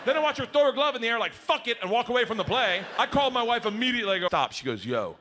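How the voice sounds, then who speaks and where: A man doing stand-up comedy, telling a lively story and voicing the people in it. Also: extremely high pitch, rapid-fire. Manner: lively storytelling with voiced characters.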